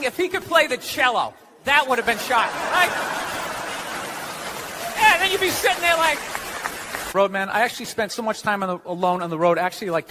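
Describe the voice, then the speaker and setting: A man doing a stand-up comedy routine on stage, ranting sarcastically and shouting his punchlines. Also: extremely high pitch. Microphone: handheld stage mic. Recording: live stage with loud crowd laughter and noise. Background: audience laughing.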